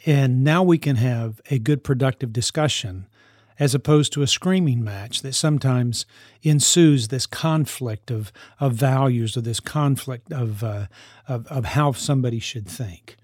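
A man's voice: medium pitch, a little slow, darkish tone, dry recording, studio quality. A man who mentors teenagers gives an earnest parenting talk, often repeating and restarting his phrases. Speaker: youth mentor living with teens.

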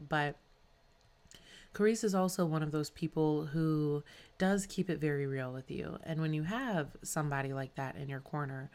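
A woman's voice: low-pitched, a little mellow, clean tone. A woman hosting a podcast, talking candidly and casually about her friends, with fillers and some swearing. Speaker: podcast host. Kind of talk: scripted podcast narration.

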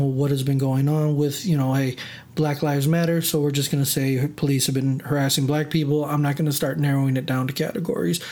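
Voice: mid-range voice, a little mellow. A podcast host in a casual monologue, telling stories in a chatty way, full of fillers and restarts. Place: lives in Chicago area.

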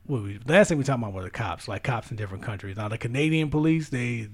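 A man's voice: mid-range voice, expressive, fast talker, breathy edge. A young American man co-hosting a podcast, telling stories in a laid-back casual chat that often trails off. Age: young adult. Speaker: podcast co-host.

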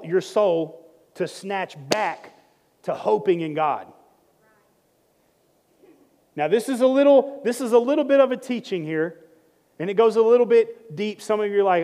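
A man preaching a sermon as pastor, reading scripture slowly and building to rising, emphatic appeals. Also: sits high, warm tone. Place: church sanctuary. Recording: long hall reverb.

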